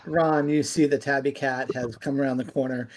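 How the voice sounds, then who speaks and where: A man's voice: mid-range voice, fairly even intonation, moderate pace, a loud crowd. A man narrating a tabletop game as game master, casual and rambling.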